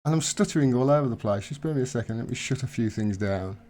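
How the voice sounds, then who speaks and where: A man's voice: medium pitch, lively intonation, fast, a little mellow. A man hosting a casual live stream, chatting in a rambling way and correcting himself as he goes.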